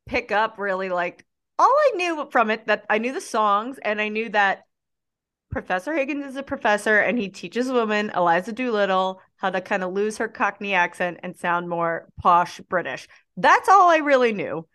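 A woman's voice: mid-range voice, expressive, moderate pace, a bit bright. A young woman co-hosting a podcast in casual chat, opinionated and ranting, swearing and laughing as she argues. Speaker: podcast co-host.

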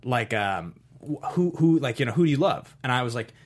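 A man talking in a casual podcast chat, enthusiastic and rambling, full of fillers and quick laughs. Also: mid-range voice, animated, a little hiss or hum. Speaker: podcast co-host.

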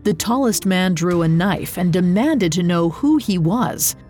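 A woman reading a scripted story in a measured, expressive narrating voice. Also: fairly low pitch.

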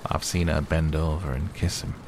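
A man voicing a grumbling, grunting old gardener who is cross but softhearted, talking with reluctant gruffness. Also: very deep voice, flat delivery, moderate pace, background noise. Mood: reminiscing. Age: older.

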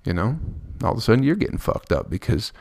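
A man's voice: on the low side, big pitch swings, quick pace, a little mellow, no echo, clean studio sound. A man hosting a podcast, rambling through a profane comedic monologue and laughing at his own jokes. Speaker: podcast host.

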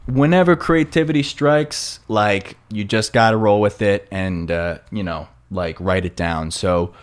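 Man, New York accent, lowish voice, rambling solo podcast, lots of fillers. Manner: rambling, full of fillers and self-corrections. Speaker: podcast host. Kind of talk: casual solo podcast monologue.

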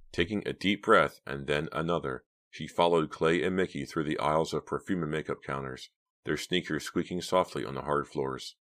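A man reads a novel aloud in a measured, hushed storytelling manner. His voice is extremely low, a dark bass that carries the narration. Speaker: audiobook narrator. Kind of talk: scripted narration.

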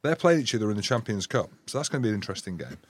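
A former rugby player hosts a rugby podcast from a studio, boisterous and teasing, laughing often through banter-filled casual chat. His voice is fairly low, sing-song and husky, and he talks at a racing pace.

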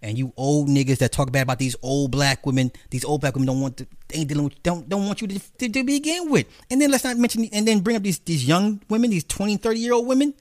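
Man ranting, profane and mocking, fairly high voice, dry close sound. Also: expressive, fast talker, hardly any pauses, darkish tone, dry recording. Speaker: commentary host. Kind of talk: ranting commentary monologue.

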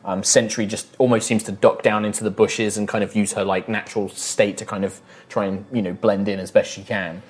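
A man's voice: lowish voice, level tone, brisk. A man running a tabletop game as game master, narrating scenes in detail with lots of casual fillers. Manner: descriptive, full of "like" fillers.

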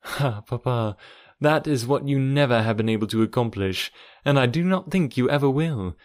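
A calm and sensible young daughter, read by a man, speaking patiently and reassuringly. The voice sits at a middling pitch, close and dry. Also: moderate pace, dry recording, lightly acted. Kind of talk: audiobook reading.

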